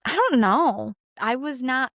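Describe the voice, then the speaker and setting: A woman's voice: high-pitched, lively intonation, takes it slowly, fairly bright tone, no room sound, clean studio sound. A young woman co-hosting a podcast, chatty and candid, telling a personal story with many "like" fillers and acted-out bits of past dialogue. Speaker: podcast co-host.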